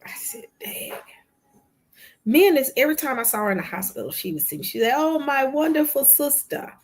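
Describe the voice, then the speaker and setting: A woman's voice: a little high, sing-song, fairly quick, husky. A woman hosting a livestream show, chatting casually with viewers and retelling a conversation in quoted dialogue, often calling them "y'all". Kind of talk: casual storytelling to a live audience.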